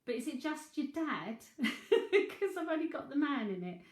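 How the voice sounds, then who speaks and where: Speaking a little slowly in a high, very animated voice, this Cockney-accented London woman does a live psychic reading. She chats, thinks out loud, and laughs frequently, with a roomy echo around her.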